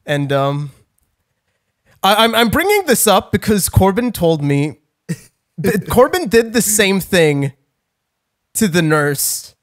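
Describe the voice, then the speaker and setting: A man's voice: sits high, sing-song, slow, long pauses, dry recording, clean studio sound. A young man telling a rambling, laugh-filled story on a casual comedy podcast, swearing and restarting often. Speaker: podcast co-host.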